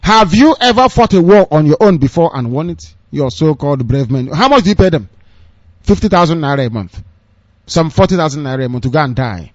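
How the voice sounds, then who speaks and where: A fairly high-pitched man with a Nigerian accent rails at his radio listeners in sarcastic, fiery political commentary. There's no echo, and the radio recording comes across as dry, dull and lo-fi.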